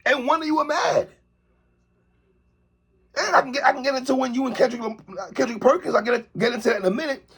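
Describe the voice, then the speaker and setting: High, raspy man giving animated commentary. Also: brisk, long pauses. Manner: animated, repeatedly adds "sister, respectfully". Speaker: commentary vlogger. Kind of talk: opinion commentary monologue.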